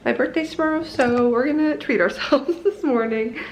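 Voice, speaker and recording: A young woman in her twenties chats to her camera in a loose, rambling vlog style, laughing easily between thoughts. Her voice sits a little on the high side. The recording is roomy and echoey, with a faint hum of ambience behind her. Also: normal speed. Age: 20s. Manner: chatty, rambling, often laughing. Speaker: lifestyle vlogger. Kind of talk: casual vlog talk to camera. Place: apartment and city streets.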